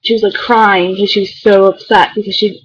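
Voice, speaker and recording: A woman's voice: mid-range voice, little pitch movement, brisk, breathy edge, muffled recording. A teenage girl chatting casually to the camera, rambling and filling her talk with "like". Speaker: beauty vlogger. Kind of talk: casual chat.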